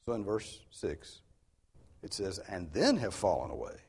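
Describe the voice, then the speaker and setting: Low husky-voiced male preacher. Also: sing-song, a little slow. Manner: earnest, emphatic teaching with rhetorical questions. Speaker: pastor. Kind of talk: expository sermon.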